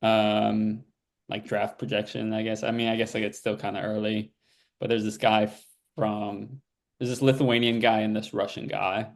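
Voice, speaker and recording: A man's voice: lowish voice, creaky. Laid-back young man talking basketball. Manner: laid-back, rambling with fillers and restarts. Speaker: podcast co-host. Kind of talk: casual sports chat.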